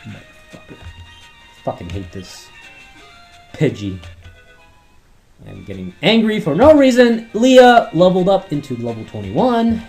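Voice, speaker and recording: A man commentating his gameplay run, rambling and swearing often, his throat worn from yelling at the screen. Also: high voice, wildly swooping pitch, a little slow, long pauses, faint music behind. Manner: rambling, heavy swearing, talks back at the game. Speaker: let's play host.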